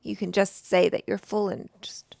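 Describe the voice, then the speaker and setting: A woman's voice: medium pitch, level tone, normal speed, vocal fry, a little mellow, no echo. Teasing woman co-host, dry sound. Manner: teasing, laughs often. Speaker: reaction channel co-host. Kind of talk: casual chat.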